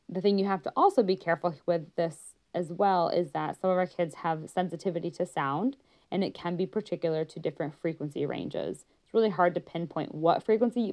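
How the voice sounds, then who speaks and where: Low-voiced woman therapist explaining. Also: gravelly, a little mellow. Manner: conversational, illustrates points by demonstrating tones of voice. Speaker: pediatric therapist. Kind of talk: educational talk.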